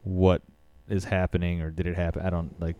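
A man co-hosts a casual podcast, rambling through his thoughts with filler words and the odd curse. His voice sits a little low and sounds smooth. The mic is close and dry. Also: level tone, a little fast, warm tone, no echo. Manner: loose, rambling, lots of "like" and swearing. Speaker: podcast co-host. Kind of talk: casual chat about movies.

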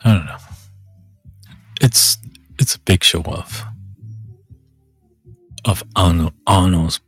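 A man's voice: sits low, slow pace, fairly bright tone, husky, no echo, soft background music. A man talking casually in a meandering monologue, breaking off and humming filler tunes. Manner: meandering, self-interrupting, hums filler tunes.

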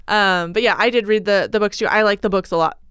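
A woman in her thirties co-hosting a podcast, chatty and quick to laugh. Her voice is smooth and resonant. The sound is dry and close. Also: mid-range voice, fairly bright tone, no echo. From Oregon, United States. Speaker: podcast co-host. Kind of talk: casual chat.

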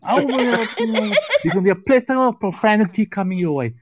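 A man from South Africa with a South African accent, chatting casually as a guest on a live show, animated and joking with rambling asides. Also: sits high, quick pace, background noise.

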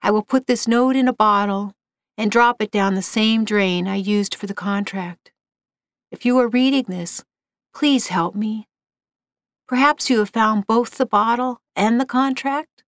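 A woman narrating a first-person ghost story in a quiet, somber reading. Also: a little high, a little slow, no room sound.

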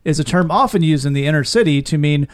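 Podcast host, middle-aged man, fairly high voice, dry teasing delivery. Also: fast. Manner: dry, mock-official teasing. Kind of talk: casual comedy chat.

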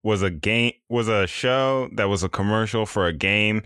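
A man's voice: fairly low pitch, moderate pace, fairly bright tone, clear, resonant tone, no room sound. A young adult man co-hosting a podcast, joking dryly and rambling through casual chat. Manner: dry joking, rambling explanations. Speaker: podcast co-host.

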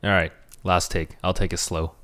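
A young man with a somewhat low voice, co-hosting a gaming podcast. He jokes and swears easily, with a dry sarcastic edge. Casual back-and-forth talk. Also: level tone, normal speed, a bit bright. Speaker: podcast host.

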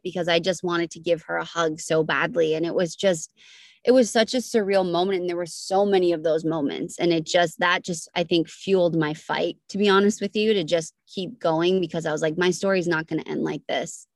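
A woman's voice: lowish voice, fairly even intonation, brisk, dry recording, studio quality. A young woman guest on a podcast, telling her story earnestly with many restarts and fillers. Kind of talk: emotional storytelling interview.

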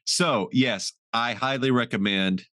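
Relaxed male podcast host, dry close sound. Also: mid-range voice, slow pace, no echo. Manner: relaxed, easygoing, signs off the show. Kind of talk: casual chat.

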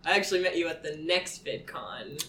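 A woman's voice: low-pitched, moderate pace, over a noisy crowd. A woman co-hosting a casual podcast, asking the guest chatty, friendly questions. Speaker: podcast co-host.

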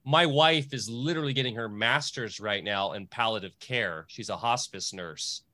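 A man's voice: medium pitch, moderate pace, sharp tone. A man co-hosting an interview, talking earnestly with many fillers. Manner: earnest, filler-heavy, emotional. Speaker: podcast co-host. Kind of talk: casual interview talk.

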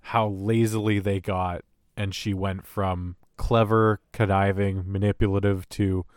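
A man co-hosting a casual podcast chat, swearing and laughing, slipping into quick mocking quotes. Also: low-pitched, flat delivery, smooth, no room sound, studio quality. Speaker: podcast co-host.

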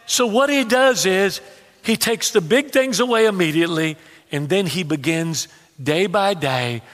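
A man's voice: sits high, measured pace, big-room sound. A man preaching a sermon as pastor, telling stories with humor and stumbling restarts. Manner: animated, humorous storytelling with repetitions and stammered restarts. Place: church hall.

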